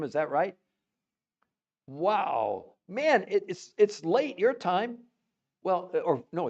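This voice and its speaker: A man hosting a live stream, chatting with viewers and greeting them by name in an excitable, animated way, laughing often. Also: a little high, lo-fi sound. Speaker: livestream host. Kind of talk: enthusiastic live-stream chat.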